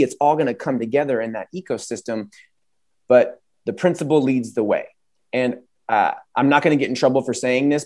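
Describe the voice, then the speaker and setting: Male guest educator, energetic storyteller, mid-pitched and punchy. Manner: energetic storyteller, acts out quoted voices. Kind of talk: conversational interview answer.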